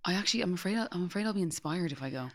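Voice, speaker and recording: A woman's voice: on the low side, expressive, very fast. A woman hosting a podcast, chatting and teasing her guest. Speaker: podcast host. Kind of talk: casual chat. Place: studio.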